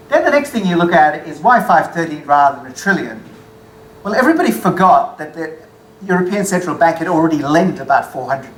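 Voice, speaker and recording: Low-voiced woman lecturing in echoey room. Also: slight background noise. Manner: dry, wry asides; corrects own figures mid-sentence. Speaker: speaker giving a presentation. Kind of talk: lecture-style presentation with slides.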